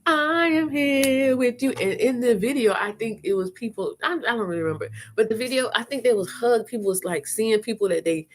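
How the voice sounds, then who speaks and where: A middle-aged woman hosting a live chat, telling stories in a frank, animated way and acting out her own reactions. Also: medium pitch, quick pace, hardly any pauses, slight background noise. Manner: frank and salty, with slangy talk. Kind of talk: casual live-stream storytelling.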